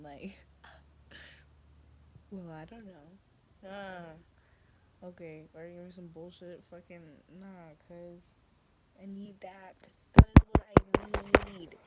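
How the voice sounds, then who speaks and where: A woman's voice: on the low side, darkish tone, a little hiss or hum, rough recording. A young woman venting in a casual confessional vlog, blunt and profane, rambling with lots of fillers. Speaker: vlogger.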